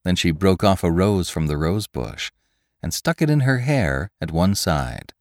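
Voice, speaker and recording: A man narrating a classic tale for a podcast in measured, expressive storytelling. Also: sits low, no echo, studio quality.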